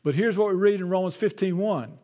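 A man's voice: sits high, fairly quick, warm tone. A man, a pastor, preaching a sermon in a conversational way, often repeating his words.

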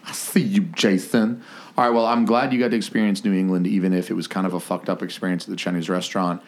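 Man, podcast host, very low voice, crude teasing banter, casual chat. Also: flat delivery, racing.

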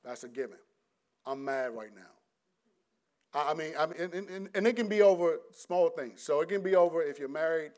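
Brief: middle-aged man, preacher, high-pitched, casual sermon, restarts, rises loud then drops to a hush. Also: a little fast. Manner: animated, many restarts, swings between loud and hushed. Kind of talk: conversational sermon.

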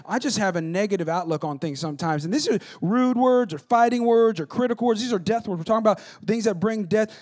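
A man preaching a sermon as pastor on a church stage, animated, with call-and-response asides and self-deprecating humor. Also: sits high. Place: church stage, on stage before a congregation.

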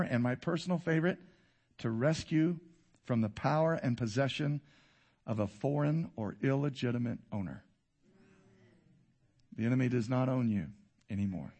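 A man in his fifties preaching a sermon to a congregation, swinging between loud exhortation and quiet intensity. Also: on the high side, a little fast. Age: 50s. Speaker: pastor. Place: church before a congregation.

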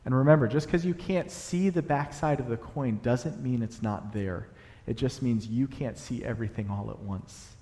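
A young adult man preaching a sermon in a church, animated, building to emphatic peaks as he explains a passage. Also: mid-range voice. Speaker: pastor. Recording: long hall reverb.

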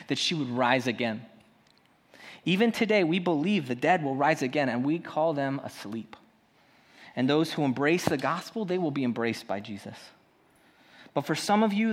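Pastor preaching in a reverberant hall. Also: male voice, mid-range voice. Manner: passionate, swings between loud emphasis and soft asides. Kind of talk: sermon.

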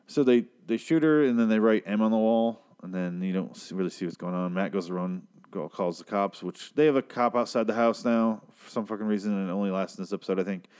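A man giving a crude, sarcastic recap of a TV episode, tossing in quick asides. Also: on the low side, a little mellow, smooth. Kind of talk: casual profane TV recap.

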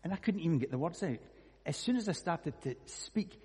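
Scottish guy preaching, a bit high, husky, long hall echo. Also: animated, brisk, mellow. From Scotland. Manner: earnest storytelling with scripture readings. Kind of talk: sermon.

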